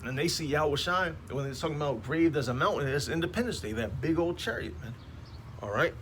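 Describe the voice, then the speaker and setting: A man's voice: on the high side, animated, a little fast, a bit bright. A man street preaching in a slangy, emphatic way, peppering his talk with "man, all right?" outdoors beside passing traffic.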